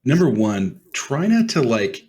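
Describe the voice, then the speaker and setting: A man co-hosting a podcast, telling game stories in a relaxed chatty way. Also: medium pitch, measured pace, husky. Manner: relaxed, storytelling with laughs. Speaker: podcast co-host. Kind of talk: casual chat.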